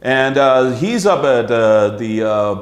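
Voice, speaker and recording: A man's voice: mid-range voice, animated, takes it slowly. A middle-aged man from Canada hosting a casual talk show in a pub, rambling and swearing with many fillers. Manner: rambling, profane, lots of uh fillers. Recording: echoey pub room.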